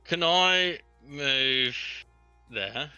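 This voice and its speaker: A man's voice: on the high side, lively intonation, drawn-out words, pushed and bright, clean tone, lo-fi sound, soft background music. A man playing in a tabletop game, talking casually in a hesitant way, full of fillers. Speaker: player.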